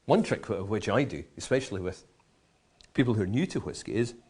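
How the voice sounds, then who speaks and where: A man's voice: lowish voice, animated, a little fast, darkish tone, breathy edge. A man teaching how to taste, enthusiastic and full of vivid comparisons and playful asides. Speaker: whisky educator. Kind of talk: explanatory tasting talk.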